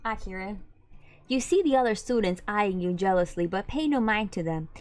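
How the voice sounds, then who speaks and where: A woman streamer reads a dating game's text aloud and drifts into chatty, giggly asides. Her voice is mid-pitched and casual, with faint game music under it. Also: animated, normal speed, a little mellow.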